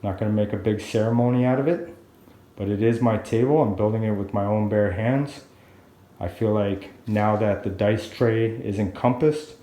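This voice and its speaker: Man, hobbyist video diarist, slow and easy delivery, mellow low voice, echoey workshop. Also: steady tone. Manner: slow, unhurried and chatty. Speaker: hobbyist woodworker vlogger. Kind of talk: casual video diary. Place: workshop room, alone.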